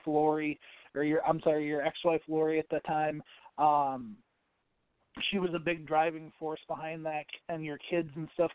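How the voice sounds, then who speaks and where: A man hosting a podcast, asking long questions in a halting way with restarts. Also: on the high side, clear, resonant tone, no room sound. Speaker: podcast host. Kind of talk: interview questions. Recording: dry tinny phone-like line.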